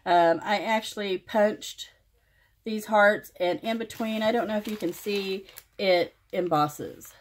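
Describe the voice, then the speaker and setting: A woman hosting her own craft channel, showing a finished project page by page in plain, unhurried commentary made of short phrases. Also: mid-range voice. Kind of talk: casual show-and-tell walkthrough.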